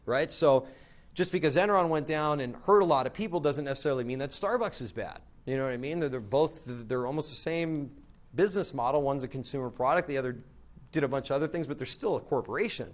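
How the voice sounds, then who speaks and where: Fast-talking man telling a rambling story. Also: a little high. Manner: rambling, peppered with "like" and "right?". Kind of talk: casual anecdotal storytelling.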